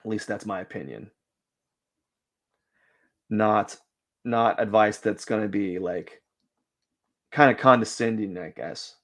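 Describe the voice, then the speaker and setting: A man's voice: on the low side, lively intonation, slow, pauses often, a bit bright. A young man chatting casually on a drawing live stream, rambling with lots of fillers and restarts. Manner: rambling, self-deprecating, many fillers and restarts.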